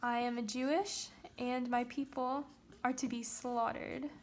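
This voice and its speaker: A brave young queen from a storybook tale, voiced by a woman telling the story. She speaks earnestly and with conviction, and the voice sits high. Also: steady tone, measured pace, a little hiss or hum. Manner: earnest, pleading. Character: brave young queen pleading for her people.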